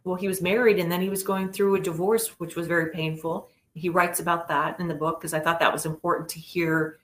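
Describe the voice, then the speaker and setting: A middle-aged woman telling a personal story in an earnest, animated way as an interview guest. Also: on the low side, fairly quick, a little hiss or hum. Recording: roomy echo.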